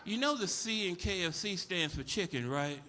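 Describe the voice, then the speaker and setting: A man's voice: high-pitched, lively intonation, normal speed, noisy background. A man doing a stand-up comedy set on a club stage, brash, profane and full of stories. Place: comedy club stage before a live audience.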